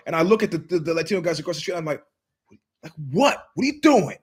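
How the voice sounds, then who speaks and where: Fast and with a breathy edge, a middle-aged man spins a long, animated monologue as host of his own show. He has a fairly high male voice, stresses his words hard, goes off on tangents, and mimics people as he quotes them.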